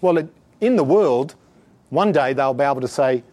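A man's voice: medium pitch, animated, moderate pace, a little mellow. A man preaching a sermon in an emphatic, exhortative way, chuckling often as he talks.

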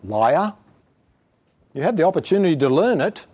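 A man's voice: fairly high pitch, big pitch swings, normal speed, darkish tone, husky. A man preaching a sermon in an emphatic, exhortative way, chuckling often as he talks.

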